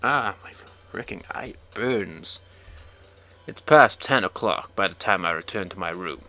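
A man's voice: low-pitched, expressive, unhurried, pushed and bright. A man reading a visual novel aloud and breaking off for wry, sarcastic asides. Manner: wry, sarcastic asides between read lines. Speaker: let's play commentator. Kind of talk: reading game text aloud with joking commentary. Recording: dull lo-fi recording with faint game music.

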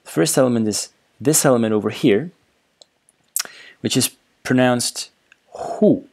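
A man explaining written characters in a relaxed lecture over slides, with frequent fillers and repeated words. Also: medium pitch, normal speed. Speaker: language teacher.

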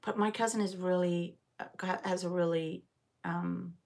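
A woman's voice: on the low side, steady tone, normal speed, a little mellow. A middle-aged woman from Liverpool hosting a casual live stitch-along chat, rambling and answering viewers as she goes. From England, Liverpool area. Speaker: knitting channel host. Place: home.

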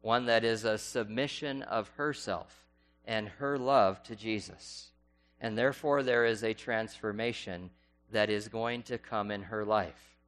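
A man preaching a sermon, who keeps asking his congregation rhetorical questions and reads passages aloud slowly. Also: fairly low pitch, fairly bright tone, faint music behind. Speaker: pastor.

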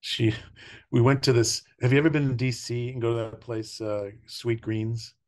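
A man's voice: mid-range voice, fairly even intonation. A man in his sixties, a podcast guest, telling personal stories in casual conversation, laughing often and trailing off between thoughts. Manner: warm storytelling, laughing often, trailing pauses.

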